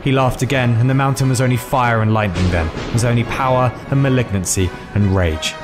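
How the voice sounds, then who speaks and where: A man narrating a fairy tale in a measured, dramatic reading. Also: medium pitch, over music. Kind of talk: storytelling narration.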